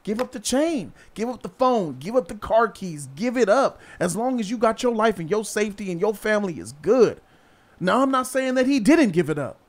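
A man's voice: high-pitched, animated, normal speed. A man hosting a casual vlog and giving blunt, slangy street commentary. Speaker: vlog host. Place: outdoors in a city.

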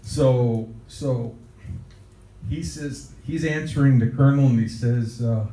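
A man's voice: mid-range voice, slow pace, mellow, slight background noise. An older man recounting a childhood anecdote in a rambling, chuckling way, with his words tumbling out in starts and restarts. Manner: rambling storyteller, chuckles often. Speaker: interviewee. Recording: roomy, distant mic, faint ambience.

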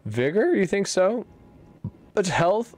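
A man's voice: sits high, sing-song, slow pace, soft background music. A young man giving casual, profane live commentary while streaming a game. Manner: casual and profane, swears freely.

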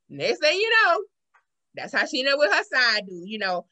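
A woman hosting a casual podcast chat, telling a story with animated acted-out quotes. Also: sits high, normal speed. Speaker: podcast host.

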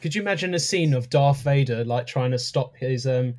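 A man's voice: mid-range voice, brisk, a little mellow. A man co-hosting a casual podcast, telling stories animatedly and acting out imagined lines. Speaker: podcast co-host. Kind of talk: casual chat.

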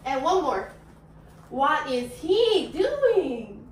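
A woman's voice: sits high, very animated, drawn-out words. A young woman teaching English to kindergarten children, playful and acting out emotions with an exaggerated voice. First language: Korean. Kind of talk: animated classroom teaching. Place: classroom with small children. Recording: echoey room, voice from a distance, faint noise.

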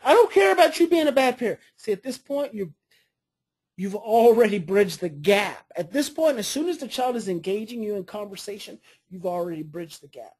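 A woman coaching a parenting class, explaining earnestly and modeling calm phrases to say. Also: medium pitch, normal speed, slightly rough.

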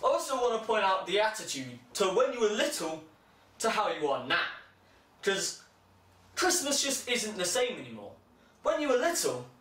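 A young man delivering a sarcastic comic monologue, breaking into shrill mocking voices. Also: a bit bright. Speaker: comedian. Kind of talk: stand-up style comic monologue. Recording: echoey room, mic held far off.

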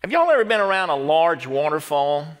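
High-pitched pastor preaching. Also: male voice, sing-song, brisk. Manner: preaching with call-and-response to the congregation. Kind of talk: sermon.

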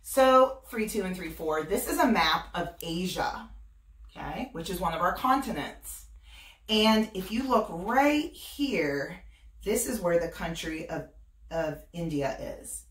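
A woman teacher reading a picture book aloud to her students, gentle and encouraging. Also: lowish voice, expressive, slow. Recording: roomy, voice from a distance.

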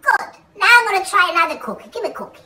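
A man's voice: extremely high pitch, animated, racing, pushed and bright, slight background noise, voice pushed up, full character voice. A man voicing a bossy, thrifty old Italian aunt with an Italian accent and broken English. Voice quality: broken English, pushy, haggling.

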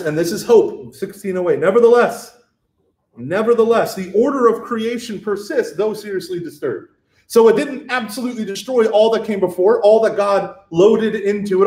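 Animated man teaching catechism in an echoey room. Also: high voice. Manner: animated, tags points with "right?", acts out scripture voices. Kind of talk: Catholic catechism lecture.

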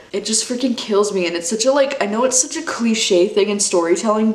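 Twenties gal vlogging about books, gushy and emotional, says like and dude a ton, kinda echoey room. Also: female voice, on the low side. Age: 20s. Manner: gushing, emotional, sprinkled with "like" and "dude". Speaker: book vlogger. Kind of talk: casual chat.

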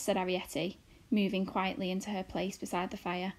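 A British woman teacher reading a class novel aloud in a clear, expressive storybook manner. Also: medium pitch, moderate pace.

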